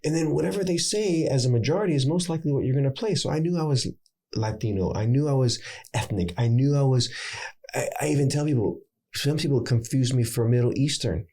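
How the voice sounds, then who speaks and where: An American man in his thirties, an actor and acting coach, chatting casually in an interview and telling animated stories. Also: fairly quick. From United States. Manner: animated storyteller, swings pitch to make points.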